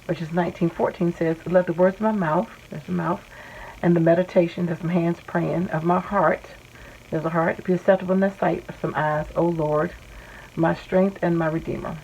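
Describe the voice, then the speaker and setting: A woman with a lowish, gravelly voice talks through her faith journal in a casual vlog. She reads each verse aloud and then points out the small drawings she made for it. The recording sounds dull and lo-fi. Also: fairly even intonation, normal speed, a little mellow, slight background noise. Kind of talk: casual show-and-tell vlog narration.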